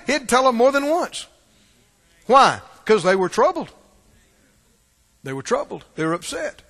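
A man preaching a sermon in church, asking the congregation questions and swinging between loud calls and hushed asides. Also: extremely high pitch. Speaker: pastor. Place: church sanctuary. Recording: long reverb of a large hall.

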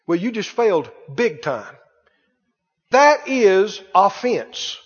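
A man preaching a sermon, swinging between hushed and loud and asking rhetorical questions. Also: high voice, big pitch swings, slow pace, slightly rough. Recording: dull reverberant hall sound.

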